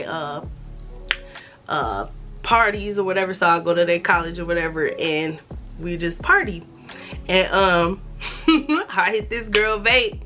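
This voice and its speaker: A woman in her twenties telling a casual story-time vlog, animated and profane, acting out the dialogue. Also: mid-range voice. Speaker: vlogger.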